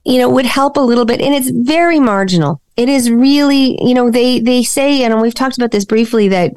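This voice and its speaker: Blunt female co-host, slightly high voice, dry close sound. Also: brisk, a little mellow, dry recording. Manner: frank, blunt. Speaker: podcast co-host, sex educator. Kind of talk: casual chat.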